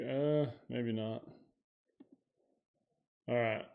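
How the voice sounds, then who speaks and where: A man hosting a live stream, chatting loosely to himself and his viewers as he sets up, then pitching hard to them. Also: slow pace, creaky, a little mellow, muffled recording. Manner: loose, profane, talks to himself while setting up; punchy hype pitch to viewers. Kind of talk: casual live stream setup chat.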